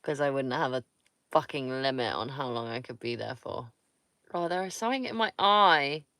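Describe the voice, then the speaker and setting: A woman's voice: rumbling low, lively intonation, moderate pace, a bit bright, no room sound, studio quality. A woman from Somerset, chatting casually with viewers on a livestream, blunt and teasing and swearing freely. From Somerset, England. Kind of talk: casual live-stream chat with viewers.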